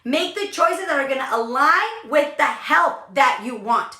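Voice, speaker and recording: A woman's voice: high voice, expressive, measured pace, bright, forceful tone, roomy sound. A woman hosting a motivational talk, speaking with emphatic energy and repeating phrases for emphasis. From California. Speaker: podcast host, business coach.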